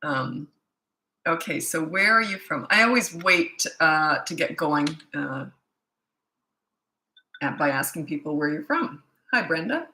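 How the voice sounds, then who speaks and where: A woman's voice: sits low, expressive, a little slow, long pauses, pushed and bright, echoey room, a little hiss or hum, rough recording. A woman, a parenting coach, chatting through a casual live-stream Q&A with lots of ums; she sounds tired. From Canada. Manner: chatty, rambling, many ums.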